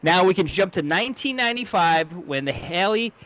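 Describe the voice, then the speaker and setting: A man's voice: high-pitched, expressive, fairly quick, fairly bright tone. A man co-hosting a casual podcast, rambling through a jokey history rundown and fumbling names. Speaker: co-host. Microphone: home mic on a video call.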